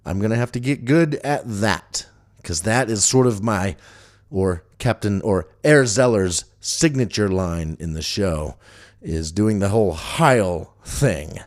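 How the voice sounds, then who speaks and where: A man's voice: on the low side, expressive, slow. A man hosting a casual solo podcast, rambling and chatty with frequent fillers and restarts. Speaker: podcast host.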